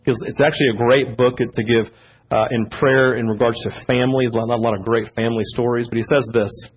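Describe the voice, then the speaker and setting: A man preaching a sermon as pastor, growing louder and higher when he gets fired up. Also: steady tone, fairly quick, husky. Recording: dull lo-fi church audio.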